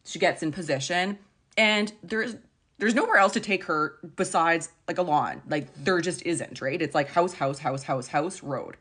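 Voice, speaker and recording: Chatty low-voiced woman vlogger. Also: unhurried, breathy edge. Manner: chatty, animated retelling with many "like"s. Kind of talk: casual storytime chat.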